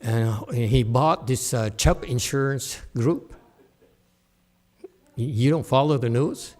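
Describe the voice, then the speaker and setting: A man's voice: mid-range voice, takes it slowly, pauses often, darkish tone. A middle-aged man, a Buddhist teacher, giving a chatty dharma lecture with digressive asides and frequent laughs. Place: temple hall.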